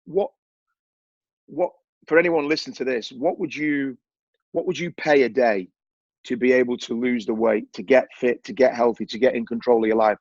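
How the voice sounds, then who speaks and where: A man's voice: medium pitch, normal speed, darkish tone, no room sound, dull audio. A man with an English accent, a coaching client chatting casually and repeating phrases for emphasis. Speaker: coaching client giving a testimonial. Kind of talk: casual chat.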